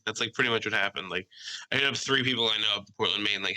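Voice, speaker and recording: A young man co-hosting a casual podcast, telling animated stories, swearing freely and mimicking other people's voices. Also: lowish voice, racing, poor audio. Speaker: podcast co-host.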